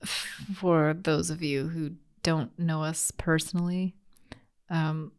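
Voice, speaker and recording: A woman's voice: sits low, flat delivery, slow, clean tone. A woman co-hosting a film podcast in casual chat, teasing her co-host and laughing easily.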